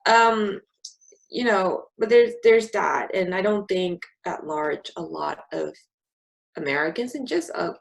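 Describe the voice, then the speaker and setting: A woman's voice: low-pitched, creaky, poor audio. A young woman from California, talking candidly on a casual podcast with a sarcastic edge. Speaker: podcast co-host. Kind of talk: casual conversation.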